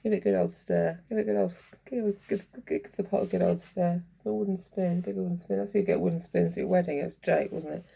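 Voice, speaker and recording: Gravelly rambling woman vlogger. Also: on the low side, fairly even intonation, fast talker, hardly any pauses, mellow. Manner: rambling, chuckling, bickers with herself. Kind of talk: rambling casual monologue.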